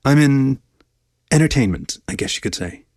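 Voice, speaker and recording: A man's voice: medium pitch, animated, moderate pace, a little mellow, no room sound, clean studio sound, voice pushed up, natural voice. A man voicing a cocky, laid-back male dog who talks in a lazy drawl. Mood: teasing.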